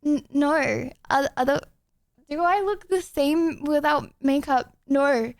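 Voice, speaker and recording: A young woman takes it slowly as she chats casually on her live stream, her voice high and bright, giggling and rambling with plenty of ums and restarts. The sound is dry and close from a desk microphone, with no room sound.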